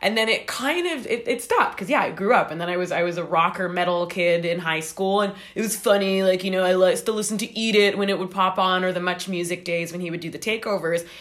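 Excited, stammering woman guest. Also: fairly low pitch, a little fast, few pauses. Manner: animated, stammering repeats, enthusiastic. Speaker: podcast guest. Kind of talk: casual conversation.

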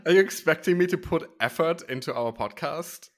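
A man's voice: fairly high pitch, fairly quick. A young man co-hosting a podcast, dramatic and playfully indignant in casual banter. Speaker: podcast co-host.

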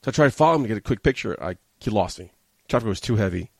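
A man with a low, gravelly voice rushes through a profane, agitated rant in a podcast studio. He rambles along with plenty of swearing. The sound is dry and close, with no room echo. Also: lively intonation. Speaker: podcast host. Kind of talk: casual storytelling rant.

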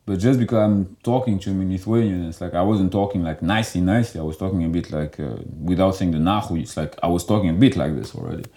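Deep-voiced man, loose and animated. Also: fast talker, hardly any pauses. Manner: loose and animated, heavy filler "like". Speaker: guest. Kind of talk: casual conversational interview.

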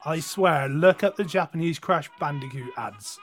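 A man's voice: fairly high pitch, moderate pace, soft background music. A man guesting on a live chat show, joking and crude in easy banter. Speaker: guest streamer. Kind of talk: casual chat.

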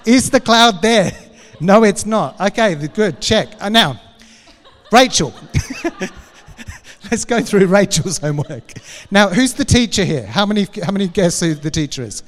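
Casting: higher-voiced man, church class teacher, playful and chatty, big hall reverb. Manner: playful, joking, chatty with audience.

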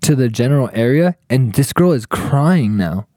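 A young man spins a rowdy, profanity-laced story for his friends, slipping into the voices of the people in it. His voice is dark and mellow, recorded dry and close. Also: mid-range voice, normal speed, no room sound. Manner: profane, animated, acts out quotes.

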